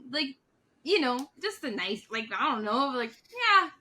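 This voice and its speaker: A woman hosting a casual podcast chat, talking fast and loose with lots of fillers. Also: high voice, slight background noise. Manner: chatty, many "like" fillers, animated. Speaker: podcast host.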